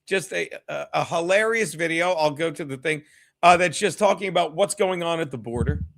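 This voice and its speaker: A man talks loosely on a home livestream, cursing often and drifting from thought to thought. His voice sits fairly high for a man, and he speaks straight to the chat. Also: brisk, gravelly, a bit bright. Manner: profane, rambling, chats with viewers. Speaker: comedian hosting a livestream. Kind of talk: casual solo livestream chat.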